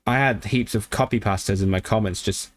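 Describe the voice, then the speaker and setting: On a livestream, a man talks casually about learning languages, his voice sitting on the low side. He thinks out loud, restarting often and breaking into quick bursts of excitement.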